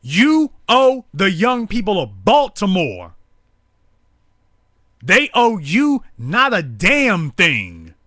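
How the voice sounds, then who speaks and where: A man's voice: high-pitched, wildly swooping pitch, extremely slow, sharp tone, dry recording, clean studio sound. A man hosting a live talk show, delivering angry, preaching commentary full of repetition. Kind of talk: fiery political commentary.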